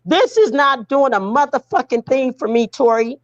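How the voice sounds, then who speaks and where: A woman's voice: sits high, lively intonation, normal speed, no echo, dull audio. A woman speaking as a mother to her grown daughter, blunt and profane, pleading and scolding by turns. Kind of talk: emotional direct address.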